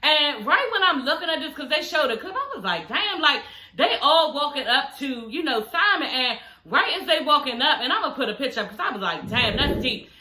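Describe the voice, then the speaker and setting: A woman chats through a reality show recap from home, slangy and animated, laughing as she goes. Her voice sits a little high and sounds sharp and bright. New dental aligners slur her speech slightly, and a roomy echo hangs around her. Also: fairly quick. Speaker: reality TV review vlogger. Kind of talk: casual recap chat.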